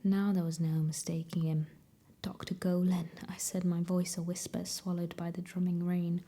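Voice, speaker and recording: A woman reading a novel aloud as an ASMR reader, in a soft whispered role-play. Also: on the low side, flat delivery, moderate pace.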